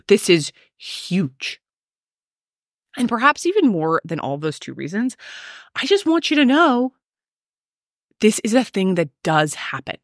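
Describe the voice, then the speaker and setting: Animated woman ranting on a podcast. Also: mid-range voice, no echo, studio quality. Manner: emphatic, animated, ranty. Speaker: podcast host, coach. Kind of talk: solo podcast rant.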